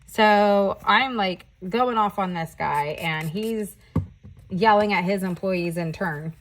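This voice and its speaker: A woman in a casual nail-art vlog, telling a story time as she works. She rants with plenty of energy, piles on emphasis and drops frequent curse words, all at an ordinary conversational pitch. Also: slow pace, faint music behind. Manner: animated ranting storytelling with frequent swearing. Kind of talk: casual story time while doing nails.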